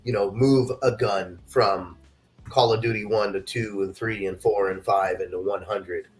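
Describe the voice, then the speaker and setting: Podcast host dude, super casual, lots of you know and like, swears, faint music under him. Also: male voice, lowish voice, steady tone, unhurried. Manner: casual and profane, stacks fillers like "you know" and "like". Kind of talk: casual chat. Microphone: remote call mic.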